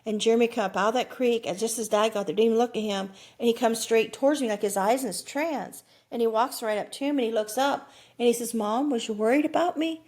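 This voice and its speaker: A woman's voice: a little high, quick pace, hardly any pauses, darkish tone. Earnest woman in her sixties telling her story. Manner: earnest, acts out quoted voices, frequent "like" and "you know". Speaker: guest. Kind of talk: personal storytelling.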